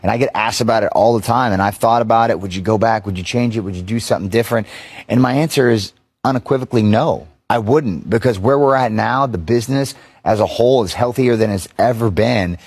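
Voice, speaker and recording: A man talking casually in an interview, animated and emphatic. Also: fairly low pitch, fast talker, breathy edge, no room sound. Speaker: interviewed wrestler and storyteller.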